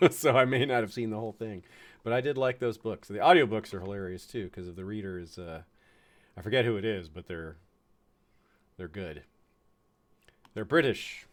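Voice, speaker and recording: A man's voice: fairly low pitch, normal speed, long pauses. A man from the United States giving chatty, chuckling commentary on a strategy game, fond of puns. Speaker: game streamer.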